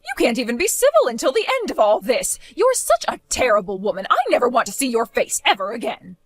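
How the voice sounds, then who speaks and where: A woman voicing a bossy, controlling middle-aged mother-in-law in an animated story, talking in a demanding, scolding way. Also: on the high side, a little fast, no room sound, clean studio sound.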